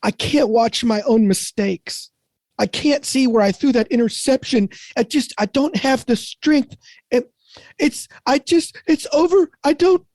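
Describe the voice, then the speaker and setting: A man's voice: measured pace, darkish tone, dry recording. A man voicing a famous male quarterback who curls up crying and gives up while watching game film. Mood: sobbing. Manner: whiny, breaking, pitch climbing higher.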